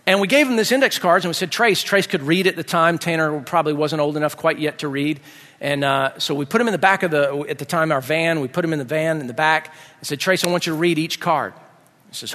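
Middle-aged man, pastor, lively storyteller, long hall reverb. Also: a little high, a little fast. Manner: animated, acts out his kids' voices. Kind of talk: sermon with storytelling.

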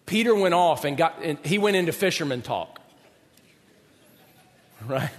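High-voiced preaching man in a reverberant hall. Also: unhurried. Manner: animated, dramatic, joking asides. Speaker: pastor. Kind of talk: sermon.

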